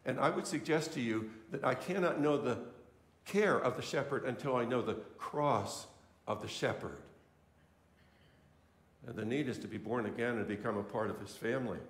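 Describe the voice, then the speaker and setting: A man's voice: mid-range voice, moderate pace. A male pastor giving an earnest sermon to a congregation, repeating key phrases for emphasis. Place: church sanctuary. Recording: echoey church room.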